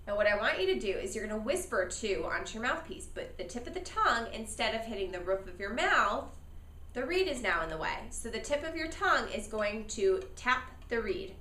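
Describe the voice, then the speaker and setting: A woman's voice: fairly high pitch, sing-song, a little fast, sharp tone, distant mic. A woman teaching a beginner saxophone lesson. She counts, models each step and has students echo after her, with patient, encouraging praise. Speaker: music teacher.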